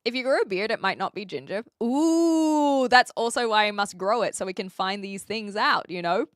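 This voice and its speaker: A woman streamer casually answering her chat, playful and quick to laugh. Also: mid-range voice, a bit bright, no room sound, studio quality.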